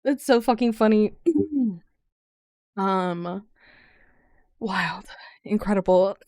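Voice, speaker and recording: A young woman, streaming a casual reaction, loud and profane with frequent exclamations. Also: mid-range voice, expressive, extremely slow, dry recording, studio quality.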